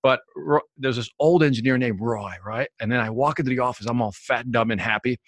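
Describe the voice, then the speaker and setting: Man, interview guest, quick and animated storyteller, dry close mic. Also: mid-range voice, no echo. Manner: animated storyteller, acts out the people in his stories. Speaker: guest, sales expert.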